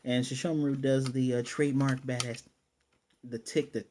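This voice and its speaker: A man giving a casual, excitable episode review in slangy speech, swearing and acting out the scenes as he retells them. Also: mid-range voice, moderate pace, slight background noise. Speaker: anime reviewer.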